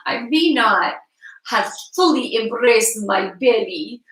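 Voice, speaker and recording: A woman's voice: fairly high pitch, lively intonation, slow, a bit bright. A woman chatting frankly on a live stream, giggling often and swearing casually. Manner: giggly, laughs often between phrases. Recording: roomy echo, mic at a distance.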